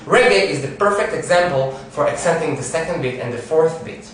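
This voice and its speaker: A man's voice: a little high, expressive, a little fast, a bit bright, far from the mic, a little hiss or hum. Man teaching piano in an echoey room. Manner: counts beats and sings phrases while explaining. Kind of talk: piano lesson.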